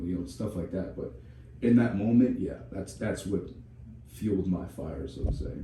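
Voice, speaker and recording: A young man tells a personal story on a podcast, swearing freely and restarting his sentences often. His voice is low and very dark. He sits back from the mic in a strongly echoing room, with faint noise underneath. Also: moderate pace, distant mic. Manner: candid, profane storytelling with many restarts. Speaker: podcast co-host.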